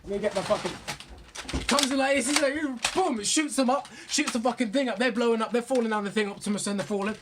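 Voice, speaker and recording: A young man gushing about movies in a profane, rambling, excited rant. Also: very high-pitched, quick pace, few pauses, noisy background. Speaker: vlogger.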